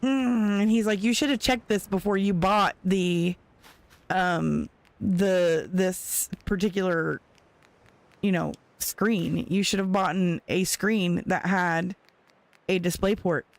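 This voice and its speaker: While gaming, a woman streamer chats casually with viewers, retelling a story with lots of animation and frequent laughter. Her voice is fairly low, slow-paced, and gravelly.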